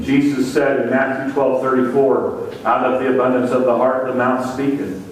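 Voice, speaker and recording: A man's voice: mid-range voice, a little hiss or hum. Male pastor preaching in an echoing church. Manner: preaching with rising emphasis on repeated words. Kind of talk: sermon. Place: church sanctuary. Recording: echoey church hall from far off.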